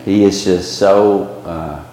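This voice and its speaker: A man's voice: sits low, fairly even intonation, slow, dark tone. Man teaching a Bible class, echoey room. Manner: conversational, with frequent fillers and restarts. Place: church classroom with a small group.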